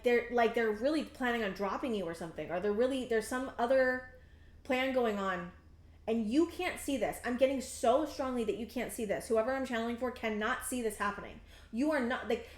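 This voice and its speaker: A woman in her thirties giving a tarot reading, talking in a halting, rambling, earnest way full of fillers and restarts, emotionally intense. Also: on the high side, roomy sound. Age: 30s. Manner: emotionally intense, close to tears at times. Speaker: tarot reader. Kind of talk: pick-a-card tarot reading.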